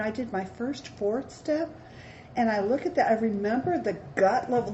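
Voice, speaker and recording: Middle-aged woman, AA speaker, candid and wry; mellow, slightly high voice; roomy, dull recording. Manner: candid, self-deprecating storytelling. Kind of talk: recovery talk to a meeting. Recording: roomy, dull hall recording with faint hiss.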